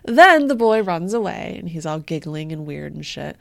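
A woman with a slightly low voice co-hosts a casual podcast and retells creepy folklore. She keeps a wry, deadpan tone and drops in casual swearing. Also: moderate pace, vocal fry. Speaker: podcast co-host.

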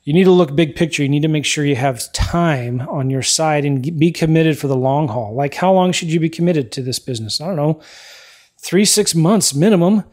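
A man hosting a podcast, giving emphatic motivational advice and often checking in with a quick "right?". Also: fairly high pitch, a little mellow. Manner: emphatic, repeats key points, frequent "right?" tags. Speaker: podcast host.

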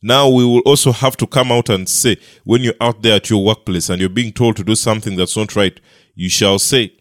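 A man's voice: lowish voice, steady tone, fairly quick, no room sound, clean studio sound. A man preaching a sermon with an emphatic delivery, repeating phrases and letting his voice rise and fall.

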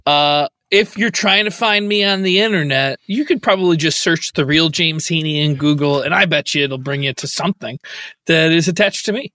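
An easygoing man with a bright, sharp voice, guesting on a podcast. The sound is dry and close. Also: on the high side, normal speed, dry recording. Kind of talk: casual comedy podcast chat.

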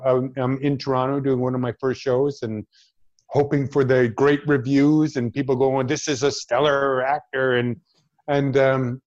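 A man, an actor, telling a personal story in an interview, reflective and halting, with frequent restarts. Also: mid-range voice, a little mellow, highs cut off. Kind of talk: storytelling in conversation.

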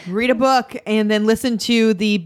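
A woman co-hosting a casual podcast chat, tossing in deadpan quips and short replies. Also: a little high, moderate pace, clear, resonant tone. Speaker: podcast co-host.

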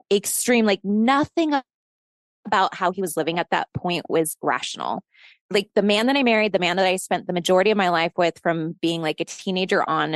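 A woman in her thirties telling a personal story in a casual interview, animated and profane, laughing often and acting out shouted quotes. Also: on the low side, dry recording, clean studio sound.

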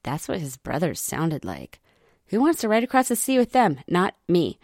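A woman retells scripture stories for children in an animated, questioning way. Her pitch jumps up and down as she explains. The sound is close and dry, with no room echo. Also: normal speed. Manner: lively, asks listeners questions.

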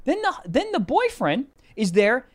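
With a very high-pitched voice and a slightly slow pace, a man co-hosting a podcast recounts a story. The chat is casual, animated and profane, and he acts out the people's quoted voices.

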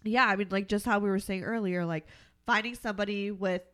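A woman's voice: mid-range voice, steady tone, a little fast, fairly bright tone. Young woman co-host, casual chat, rambling, swears freely. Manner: rambling, heavy filler words, swears, laughs often. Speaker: podcast co-host.

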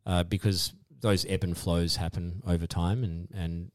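An Australian man, a podcast guest, telling his story in a modest, halting way with many restarts. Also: low voice, steady tone, no room sound, studio quality. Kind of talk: casual interview chat.

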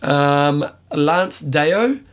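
A man co-hosting a podcast, rambling through jokes and quick asides in casual chat. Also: on the high side, animated. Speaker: podcast co-host.

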